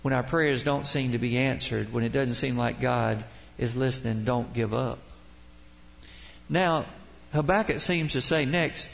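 A man's voice: medium pitch, unhurried, gravelly. A man preaching a sermon as pastor, with dramatic swells and drops and emphatic quotations.

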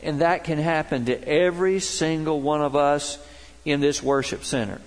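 A man's voice: fairly high pitch, steady tone, moderate pace, in a large hall. A middle-aged man preaching a sermon to his congregation in a worship center, emphatic and folksy, telling stories to make his points. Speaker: pastor.

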